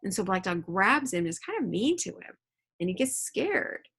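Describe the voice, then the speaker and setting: A woman's voice: mid-range voice, big pitch swings, normal speed, a bit bright, breathy edge. A woman teacher reading a novel aloud at home and explaining it to her students in a casual, chatty way with frequent check-ins. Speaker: middle school teacher.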